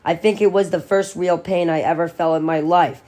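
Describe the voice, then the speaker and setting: A woman voicing a grown man reflecting quietly and earnestly on a childhood memory. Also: lowish voice, steady tone, normal speed, lightly acted. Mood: reflective.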